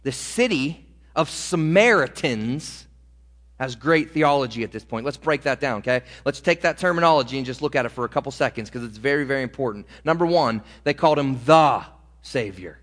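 A male preacher delivering a sermon, slowing down to stretch and stress key words. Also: mid-range voice, expressive, fairly bright tone. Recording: reverberant hall.

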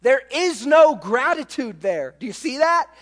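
High-voiced preacher in a reverberant hall. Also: male voice, very animated, a little slow, a bit bright. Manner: emphatic, with frequent rhetorical questions to the listeners. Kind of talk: sermon.

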